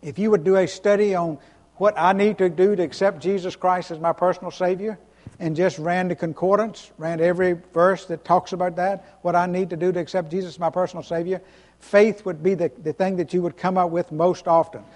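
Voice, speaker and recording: A male pastor with a high-pitched voice delivers a sermon in an earnest, emphatic way. He repeats key phrases and restarts his sentences. The sound carries the long reverb of a church hall. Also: fairly even intonation, a little fast, a little mellow. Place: church sanctuary.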